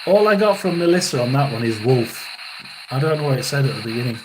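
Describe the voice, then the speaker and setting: A man in his sixties doing a live tarot and spirit reading as a psychic medium, halting and rambling, often clearing his throat. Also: mid-range voice, expressive, over music, low-quality recording.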